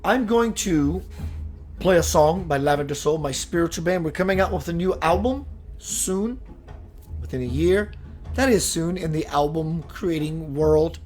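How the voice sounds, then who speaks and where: Man on the higher side, hosts a spiritual livestream, reads chat, then slows into sermon-like talk, faint music under him. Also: animated, a little mellow. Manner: reads viewer comments, switches into slow preachy delivery. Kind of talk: live-streamed spiritual talk.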